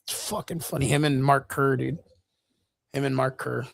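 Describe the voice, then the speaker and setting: A man's voice: mid-range voice, fairly even intonation, normal speed, gravelly, no echo. A man co-hosting a casual streamed chat show, joking loosely and swearing, with lots of "dude" and "bro". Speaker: podcast co-host. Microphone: streaming mic.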